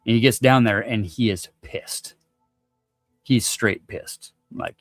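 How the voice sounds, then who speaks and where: A man's voice: fairly low pitch, takes it slowly, no room sound, soft background music. Laid-back slangy man telling a story. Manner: laid-back slangy, swears, acts out voices loudly. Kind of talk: casual storytelling.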